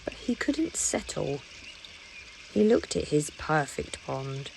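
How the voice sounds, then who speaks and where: Woman reading a kids book real slow, lively up-and-down voice, bit of gravel, soft music under. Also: sits low, a little hiss or hum. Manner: slow, expressive storytelling. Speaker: storybook reader. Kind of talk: children's read-aloud.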